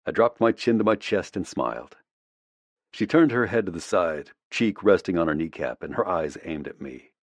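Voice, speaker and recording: A man narrating a first-person audiobook in a measured, reflective way, close to the mic. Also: rumbling low, no echo.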